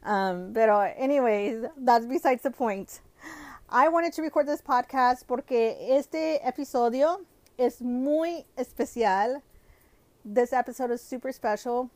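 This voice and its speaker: A woman's voice: a little high, measured pace, dry recording. A woman with a cold, sounding nasal and congested, hosting a casual podcast, switching between English and Spanish and using lots of "you know" and "like". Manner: many fillers like "you know" and "like". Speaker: podcast host.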